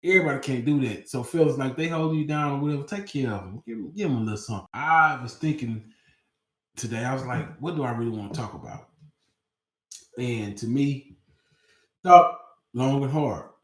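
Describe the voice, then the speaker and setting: A man hosting a podcast, telling a story in a casual, slangy and profane way, acting out his own panicked younger self in a high voice. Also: fairly quick. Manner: animated, acts out his own panicked past voice in a high pitch. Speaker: podcast host. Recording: roomy echo.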